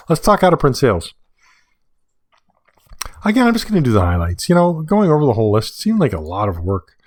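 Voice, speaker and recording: A man hosting a casual solo podcast, chatty and rambling, correcting himself and getting excited in asides. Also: medium pitch, no echo, studio quality. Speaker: podcast host.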